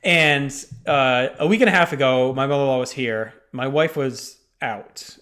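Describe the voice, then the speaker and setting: A man's voice: medium pitch, moderate pace. A man co-hosting a podcast, telling a story in casual chat, with lots of fillers and swearing. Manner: animated, swears freely, many fillers. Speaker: podcast co-host.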